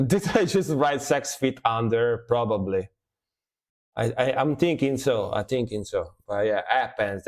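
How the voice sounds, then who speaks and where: Chatty man reacting to metal. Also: fairly low pitch. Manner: chatty, laughs often, repeats phrases. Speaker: music reaction streamer. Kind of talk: casual live reaction chat.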